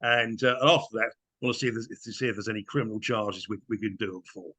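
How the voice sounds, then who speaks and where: Bright-voiced, indignant man. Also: fairly low pitch, steady tone, quick pace. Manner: indignant, emphatic. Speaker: guest commentator. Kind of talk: casual political chat.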